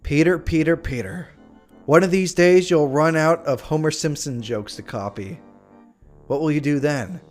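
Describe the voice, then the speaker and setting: A vengeful young captor , as a man voices him in a story reading, speaks in a low, hushed, sinister tone. The voice is quiet and controlled, with a creeping menace. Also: normal speed, faint music behind, natural voice. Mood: menacing.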